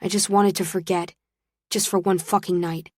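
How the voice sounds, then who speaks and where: A woman's voice: fairly low pitch, flat delivery, normal speed, darkish tone, no room sound, close to an everyday voice. Drunk, heartbroken college guy, read by a woman; raw and pleading, dry and close.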